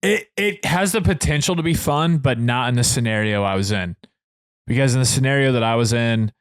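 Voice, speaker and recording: A man in his thirties co-hosting a casual podcast, telling rambling stories that build into loud excitement. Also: medium pitch, brisk, no echo, studio quality. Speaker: podcast co-host. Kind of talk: casual chat.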